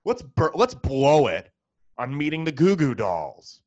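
A man putting on a foolish parent who eagerly proposes to waste money on a celebrity meet-and-greet, in a mock-excited, sarcastic tone. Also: on the high side, a little slow, pitched above the performer's own voice. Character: foolish spendthrift parent talking to spouse. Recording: dull lo-fi, dry.

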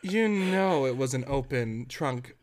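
A young man, a podcast co-host, telling a story in a casual, animated, dramatic way that keeps breaking into laughter. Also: medium pitch, unhurried.

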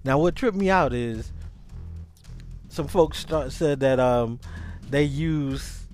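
A man hosting a podcast, talking in a casual, animated, rambling monologue with many restarts. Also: medium pitch, slow pace, faint music behind. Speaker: podcast host.

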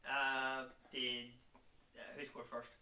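A man co-hosting a football podcast, joking and teasing with quick interjections, recorded in an echoey room off-mic. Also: medium pitch, completely flat delivery, bright, forceful tone, far from the mic. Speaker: podcast co-host. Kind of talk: casual football podcast chat.

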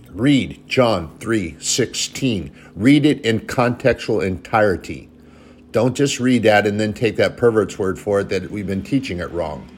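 A man's voice: lowish voice, slight background noise. A man giving an informal sermon in an earnest, plain-spoken way, turning sharply scolding at times.

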